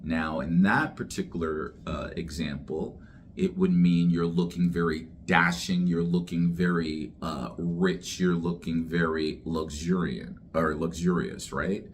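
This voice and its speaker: A man teaching English slang, speaking slowly and deliberately, repeating each word for learners. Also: sits low, fairly even intonation, a little hiss or hum. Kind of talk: slang vocabulary lesson to camera.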